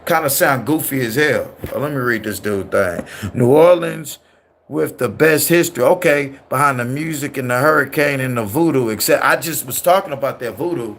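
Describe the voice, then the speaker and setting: A man's voice: medium pitch, normal speed, fairly bright tone. Slangy rambling man on a livestream. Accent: California with Southern slang. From Southern US. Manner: loose, rambling, slangy, talks to chat directly. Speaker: livestream host. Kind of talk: casual livestream chat, reading comments.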